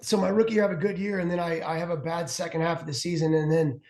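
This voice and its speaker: A man in his forties, a former pitcher who is a guest on a show, telling long stories in a rambling way with many restarts and fillers. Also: fairly even intonation, racing, a little mellow. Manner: rambling, restarts a lot, heavy "like". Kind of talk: casual storytelling chat. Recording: roomy echo.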